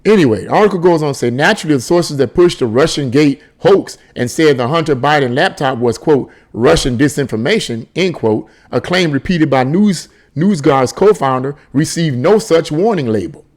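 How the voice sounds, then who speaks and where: A man with a fairly high, darkish voice and lively intonation reads a news article aloud at normal speed with few pauses. He keeps breaking off into sarcastic, repetitive asides, often restarting and stammering repeated words.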